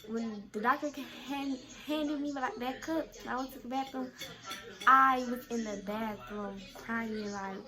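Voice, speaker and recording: A teenage girl vlogging a casual storytime, talking in a chatty way full of "like". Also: fairly high pitch. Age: teens. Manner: chatty, fills talk with "like".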